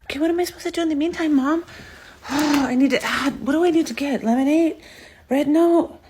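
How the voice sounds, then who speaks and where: A woman's voice: fairly quick, darkish tone, lightly acted. A woman in a comedy skit voicing a whiny, phone-obsessed teenage daughter who pleads dramatically with her mom. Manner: pleading, high-strung, exasperated.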